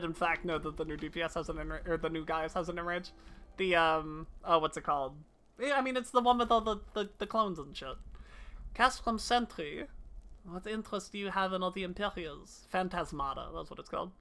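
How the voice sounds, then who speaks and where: A woman's voice: on the low side, fairly quick, fairly bright tone. A woman streaming a game live, chatting casually, reading dialogue aloud in playful voices and swearing freely.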